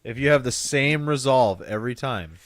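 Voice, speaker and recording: A man's voice: medium pitch, animated, moderate pace, no echo. Crude joking man on a podcast. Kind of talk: casual podcast chat.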